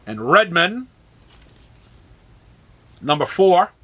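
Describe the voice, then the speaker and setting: Running down this week's new arrivals at a comic shop, a man lists the titles in a high, fairly bright and very animated voice. He drops dry, sarcastic asides and keeps stopping to restart.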